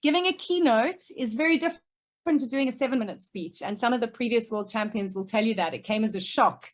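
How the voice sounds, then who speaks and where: A woman who speaks professionally, answering questions over a video call with emphatic, crisp points. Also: on the high side, fast talker. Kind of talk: remote Q&A answers. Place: home office, remote.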